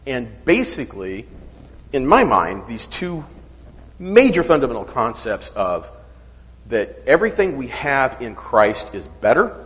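A man's voice: mid-range voice, big pitch swings, unhurried, a bit bright, in a large hall, highs cut off. A man teaching an informal Bible study, asking questions and checking in with "okay?", sometimes stopping to search for words. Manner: conversational, asks questions, frequent "okay?" checks.

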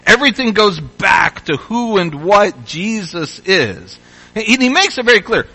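A man from Louisville, Kentucky, preaching in a high, bright voice. He talks through the sermon in an easy, conversational way, repeats himself as he restarts phrases, and now and then builds to energetic calls. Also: unhurried, breathy edge, low-quality recording. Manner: conversational, with restarts and rising exhortations. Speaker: pastor.

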